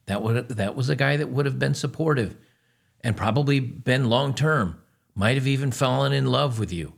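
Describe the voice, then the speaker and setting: A man's voice: medium pitch, normal speed, vocal fry. A man hosting a reaction commentary, scornful and lecturing, repeating his points. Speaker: commentary host.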